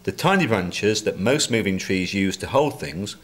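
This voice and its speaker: Brief: male storyteller, deepish voice, lively rising and falling intonation. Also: moderate pace. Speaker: reader. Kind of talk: storybook narration.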